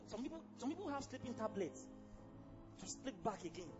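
A man with a Nigerian accent preaching a sermon as pastor, fiery and exclamatory, breaking into sudden shouts. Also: very high-pitched, very animated, fast, highs cut off, over loud music.

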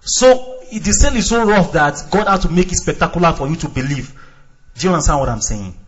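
A male pastor preaching a sermon, acting out little dialogues, swinging between shouts and quiet asides. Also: on the high side, expressive, a little fast, highs cut off.

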